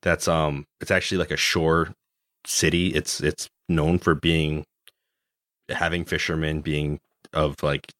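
A man's voice: rumbling low, flat delivery, measured pace, fairly bright tone, no room sound, clean studio sound. A man co-hosting a podcast, talking casually about a video game, rambling with many fillers and chuckles. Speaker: podcast co-host.

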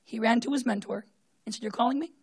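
A woman with a husky, slightly high voice delivers a sermon in a storytelling way. She swings from loud bursts down to hushed, near-whispered tones and acts out the voices in the story. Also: fast talker. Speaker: preacher.

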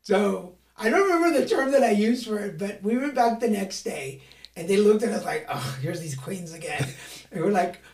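A man from California, a podcast guest, telling a story in a lively, self-mocking way and acting out other voices. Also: high-pitched, normal speed. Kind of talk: casual storytelling. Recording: echoey room.

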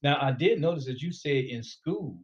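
A man hosting a casual talk show, emphatic and animated as he makes his points. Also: fairly high pitch, moderate pace, highs cut off. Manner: animated and emphatic, rising when fired up. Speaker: podcast host.

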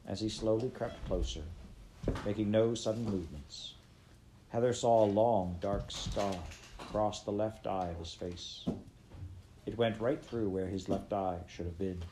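A man reading a children's adventure novel aloud in steady, plain narration. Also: lowish voice, measured pace, noisy background. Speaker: reader.

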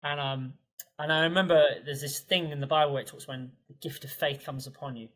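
Fast-talking, husky man. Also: fairly high pitch, low-quality recording. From England. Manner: animated, rapid storytelling with frequent fillers. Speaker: podcast guest. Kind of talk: conversational storytelling.

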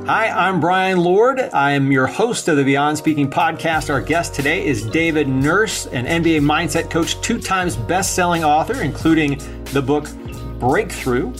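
A man's voice: on the high side, lively intonation, unhurried, a bit bright, faint music behind. A man hosting a podcast, introducing his guest and asking curious questions. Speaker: podcast host.

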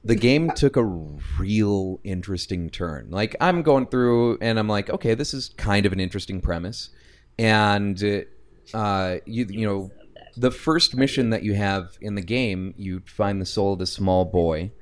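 Man, very deep voice, slow unhurried delivery, laid-back storyteller, casual chat. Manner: laid-back, filler-heavy storytelling, bursts into laughter. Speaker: podcast co-host.

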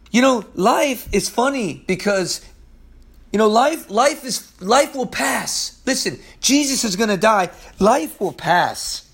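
A man preaching a sermon with passion and emphasis, repeating key phrases and dropping from loud declarations to hushed, slow lines. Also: sits high, husky.

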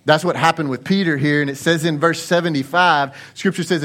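A man's voice: on the high side, fairly even intonation, fairly quick, few pauses, fairly bright tone. A male lead pastor preaching a sermon in an earnest, conversational way, repeating phrases for emphasis.

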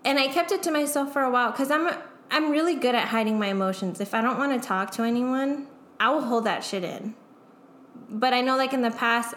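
A young woman as a guest, speaking candidly and emotionally in a casual chat, full of "like" fillers and swearing. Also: a little high. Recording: echoey room.

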